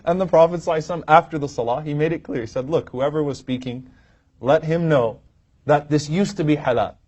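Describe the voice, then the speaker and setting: A man with a slightly high, darkish voice gives an Islamic lecture at a quick pace from a podium before a live audience. Humor runs through his storytelling and his acting out of quoted lines. The recording is lo-fi, dull, and muffled.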